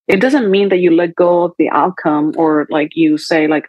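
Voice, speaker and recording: Speaking at a normal speed with few pauses, a woman with a lowish voice talks through feelings as a podcast guest. She's a holistic coach, reflective in her conversational coaching talk, and acts out her inner dialogue in quoted voices. The recording is dry and muffled.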